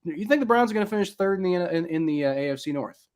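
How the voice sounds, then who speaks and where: A sports podcast co-host from Ohio chats casually and fast, rambling and circling back with fillers and restarts as he builds his point. His voice is a little high, with lively intonation.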